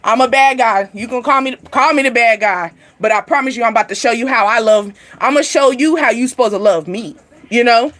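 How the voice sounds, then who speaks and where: Woman, animated, chatty, fairly high voice, talks to viewers. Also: moderate pace. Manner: animated, chatty, laughs often, addresses viewers directly. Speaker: tarot reader. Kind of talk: livestream card reading.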